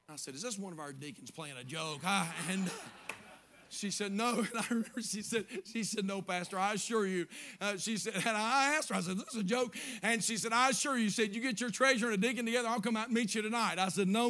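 A man preaching a sermon as pastor, moving from quiet storytelling to shouted praise. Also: high-pitched.

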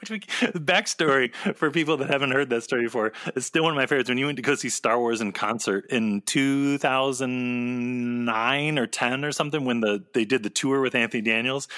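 Animated man with a bright, dry voice. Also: mid-range voice, dry recording. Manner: animated, fast bursts, laughs often. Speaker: podcast co-host. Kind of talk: casual chat recapping a TV episode.

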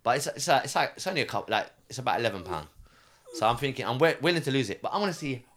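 A man in casual podcast chat, retelling his cab driving stories with plenty of acted-out quotes. His voice is bright and lively, leaping up and down in pitch. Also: rapid-fire. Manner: animated storyteller, acts out quotes. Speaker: cab driver telling stories.

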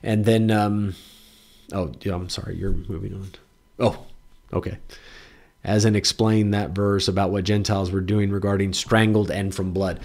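A man's voice: lowish voice, little pitch movement, normal speed, a little mellow. A man teaching a Bible lesson online, reading verses aloud with rising emphasis and explaining them in a conversational way. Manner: earnest, reads scripture aloud with rising emphasis; conversational asides, frequent fillers and restarts. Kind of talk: livestreamed Bible lesson with viewer questions.

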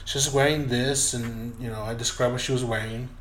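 A man's voice: medium pitch, fairly even intonation, moderate pace, a bit bright, slight background noise. A loose, swearing man telling a story. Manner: loose, profane, acts out voices in retelling. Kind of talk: casual storytelling chat. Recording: roomy echoey room.

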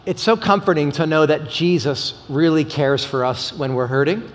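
A middle-aged man, a pastor, preaching a sermon with animated storytelling. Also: normal speed. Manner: animated storytelling, voice jumps high for quoted exclaims. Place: church sanctuary. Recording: reverberant church sanctuary.

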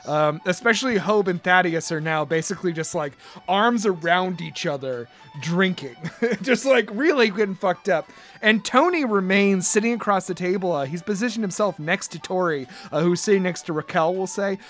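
A man narrating a tabletop role-playing game as game master, halting often with fillers and restarts. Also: sits high, fairly bright tone, faint music behind. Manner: halting, full of uhs and restarts.

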